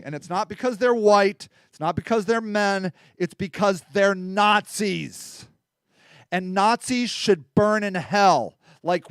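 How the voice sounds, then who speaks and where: Heated, high-voiced man ranting. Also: a little slow, clear, resonant tone, no room sound, clean studio sound. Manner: rambling, heated and emphatic, swearing. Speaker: livestream host. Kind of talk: casual political talk.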